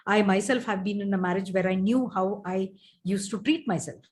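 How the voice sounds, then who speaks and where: Woman guest, life coach, fluent, agreeable, mid pitch. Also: brisk, a little mellow, a little hiss or hum. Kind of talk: interview conversation.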